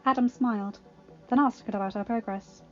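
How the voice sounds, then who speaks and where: A woman narrating a storybook aloud, expressive and steady. The sound is a little dull and lo-fi, with faint music playing underneath. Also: a little high, a little fast. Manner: expressive, voices the characters. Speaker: audiobook reader.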